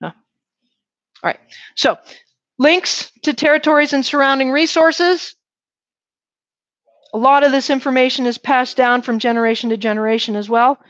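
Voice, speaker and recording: A woman's voice: high-pitched, moderate pace, pauses often, no room sound. A woman lecturing a university class, often checking in with "right?" and asking the students questions. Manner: lively, poses questions to the class. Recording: dull, dry classroom recording.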